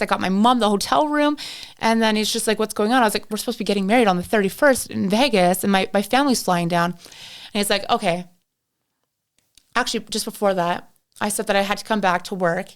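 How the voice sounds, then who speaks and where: A woman's voice: medium pitch, smooth. A young woman from Canada telling a long story in casual chat, acting out both sides with lots of "like". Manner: chatty, acts out both sides of a story with filler "like". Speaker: podcast guest.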